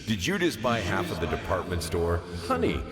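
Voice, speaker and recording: An actor playing an exasperated spouse in a horror game, with a lively, swooping delivery. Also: male voice, low-pitched, normal speed, slight background noise. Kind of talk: game voice acting.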